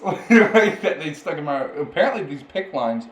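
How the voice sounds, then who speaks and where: A man's voice: fairly high pitch, lively intonation, normal speed. A young man co-hosting a podcast, telling a story in casual chat and laughing often along the way. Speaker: podcast co-host. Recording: roomy, with faint background noise.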